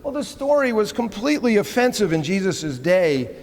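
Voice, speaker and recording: A man preaching a sermon as a parish priest, telling stories in a relaxed, humorous, conversational way and checking in with the congregation with "right?" His voice sits a little high for a man. The church sanctuary gives it a long, lingering reverb. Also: moderate pace. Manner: conversational storytelling, humorous, frequent "right?" asides.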